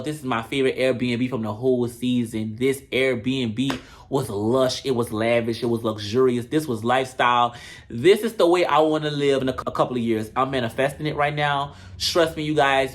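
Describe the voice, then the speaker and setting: Brash, profane reality-TV recapper. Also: medium pitch. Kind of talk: casual comedic recap.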